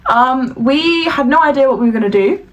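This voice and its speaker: Woman, podcast co-host, casual chat, exasperated rants, fairly high-pitched. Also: expressive, fairly quick, rough recording. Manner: exasperated rants with repeated questions.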